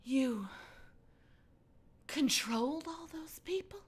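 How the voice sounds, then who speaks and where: A woman's voice: high-pitched, expressive, slow, pushed and bright, pitched above the performer's own voice, exaggerated voice. A woman putting on the raised, overly sweet voice of an eager teenage girl. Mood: uneasy.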